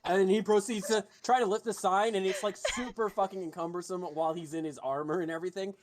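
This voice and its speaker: A man's voice: high-pitched, fast talker, noisy background. A man running a tabletop game as game master, narrating and swearing freely as he describes scenes. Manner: animated, profane, jumps into comic voices.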